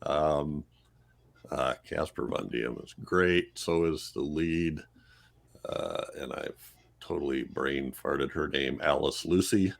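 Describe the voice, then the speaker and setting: A middle-aged man with a very low voice chats on a podcast panel about a film. He is enthusiastic and stumbles through restarts, repeating words as his excitement runs ahead. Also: takes it slowly, creaky. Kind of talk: casual review chat.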